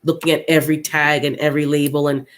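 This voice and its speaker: A man hosting a casual livestream for his viewers, upset and unsettled, who thinks out loud in a halting way and often repeats his words. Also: on the high side, little pitch movement. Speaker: gardening channel host.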